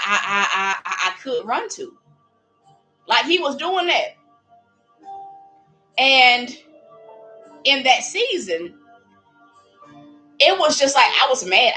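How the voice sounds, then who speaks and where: A woman preaching in a lively, casual way, acting out little voices as she speaks. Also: medium pitch, poor audio. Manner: animated, playful, acts out voices while preaching. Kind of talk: livestreamed preaching.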